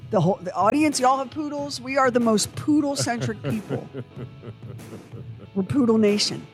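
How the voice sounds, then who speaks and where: A woman host, chatting in a joking, animated way. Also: on the high side, moderate pace, faint music behind. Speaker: radio show host. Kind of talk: casual chat.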